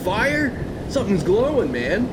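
A podcast host voicing a spaced-out male surfer dude who rambles in mellow surfer slang. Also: high voice, big pitch swings, a little slow, background noise, voice pushed up.

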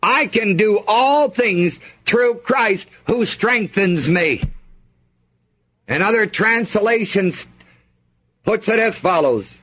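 A man's voice: high voice, expressive, slow pace, fairly bright tone. A man preaching a sermon, reading scripture aloud and asking the congregation to fill in the missing words.

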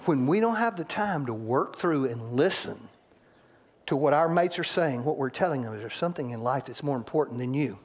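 A man's voice: mid-range voice, brisk. A male pastor preaching a sermon in a church and acting out quotes from couples to make his points. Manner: animated, acts out couples' quotes, rising loud on punchlines. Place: church sanctuary.

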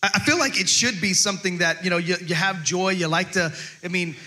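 A man's voice: sits high, fairly quick, pushed and bright. A male pastor giving a chatty, humorous sermon, stumbling over restarts and acting out quotes.

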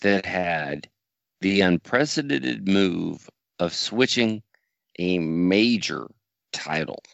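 A man's voice: low voice, lively intonation, takes it slowly, gravelly, fairly bright tone, no room sound, lo-fi sound. A man co-hosting a casual podcast, wry and joking with strong opinions. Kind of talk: casual chat.

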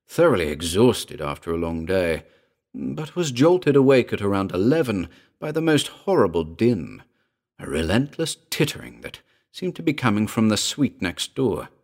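A man narrating a scripted spooky tale in a measured, wry, theatrical way. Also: mid-range voice, big pitch swings, darkish tone.

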